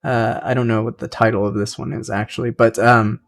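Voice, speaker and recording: A man's voice: lowish voice, level tone, a little fast, gravelly. A young man hosting a podcast, casually reading aloud and rambling with side comments. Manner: rambling, many fillers, laughs at own asides. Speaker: podcast host.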